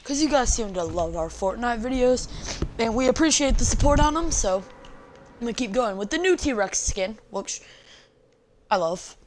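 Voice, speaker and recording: A woman's voice: fairly high pitch, expressive, normal speed, a little hiss or hum. A woman hosting a gaming channel, giving goofy, joking gameplay commentary and playfully teasing her viewers. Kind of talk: let's-play gameplay commentary.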